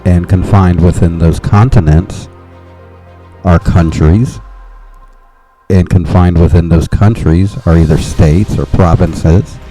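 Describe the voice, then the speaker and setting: Deep, dark-voiced man hosting a podcast. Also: fairly even intonation, slow, soft background music. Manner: rambling, with restarts and nervous laughs. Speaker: podcast host. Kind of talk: casual monologue.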